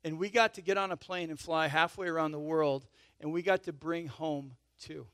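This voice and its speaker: A man's voice: on the high side, fairly even intonation, moderate pace, dry recording. Male pastor, tenor-leaning, conversational sermon delivery with frequent audience check-ins; dry, close recording. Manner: emphatic swells in volume, then drops to soft intimate asides.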